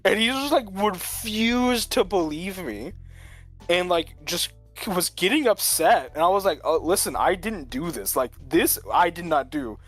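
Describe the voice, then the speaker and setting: A man's voice: sits high, lively intonation, moderate pace, few pauses, a bit bright, faint music behind. A man telling a long story in casual chat, rambling with lots of filler words and frequent chuckles. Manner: rambling, full of "like", chuckles often.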